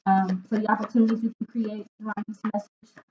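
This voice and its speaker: An earnest woman talks through a tarot reading at a middling pitch, often stopping to find her words and checking in with "right?". Her voice comes through thin and narrow, like a phone line. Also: little pitch movement, fairly quick, slight background noise. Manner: emotional, searching for words. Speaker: intuitive tarot reader.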